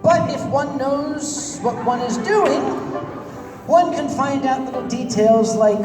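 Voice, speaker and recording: A man telling a comic story to a convention audience, wry and conversational with deadpan asides. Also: extremely high pitch, a little slow, pauses often, over music. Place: large convention hall. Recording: echoey hall from far off.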